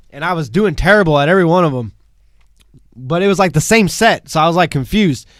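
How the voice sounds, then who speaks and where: Brash male comedian co-hosting a casual podcast, fairly high voice, dead-dry close mic. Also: moderate pace, no room sound. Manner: brash, animated, swears constantly. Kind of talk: casual profane chat.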